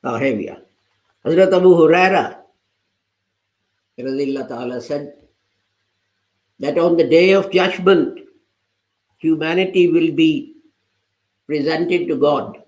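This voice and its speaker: A man's voice: fairly high pitch, measured pace, long pauses, darkish tone. Man preaching a story-led sermon, echoey. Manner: retells a parable, quoting its people. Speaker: preacher giving the Friday sermon. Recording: roomy, echoey sound.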